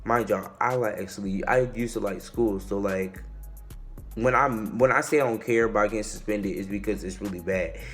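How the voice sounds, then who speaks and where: A young man telling a casual storytime tale. He is animated and slangy, and he acts out the quotes and the shouting. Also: on the low side, normal speed, soft background music. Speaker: vlogger.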